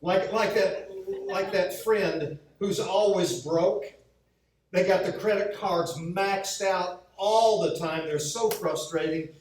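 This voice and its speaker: High-voiced preacher guy telling funny stories, mic kinda far, lots of church echo. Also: takes it slowly, darkish tone, a little hiss or hum. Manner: humorous storytelling with acted-out quotes. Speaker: pastor. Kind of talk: sermon. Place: church sanctuary. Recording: very echoey hall, mic from far off.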